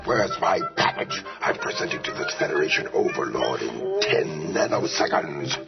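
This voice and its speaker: A bellowing, impatient alien overlord growls his demands in a radio comedy ad. His voice is a deep gravel that swoops wildly and drags slowly. It sounds set back from the mic and dull, buried in loud music. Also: sing-song, recorded from a distance, heavily acted. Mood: angry. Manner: roaring, slow, stretched-out demands. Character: bellowing huge alien boss, impatient, hot-tempered.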